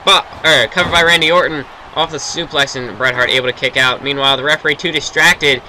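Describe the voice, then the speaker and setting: Young male gamer, very bright tone, rambling play-by-play on a cheap mic with a faint hiss behind. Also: a little high, fast, rough recording. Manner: rambling, self-correcting, excitable at big moves. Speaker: video game commentator. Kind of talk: casual play-by-play commentary. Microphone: built-in or cheap mic, no proper microphone yet.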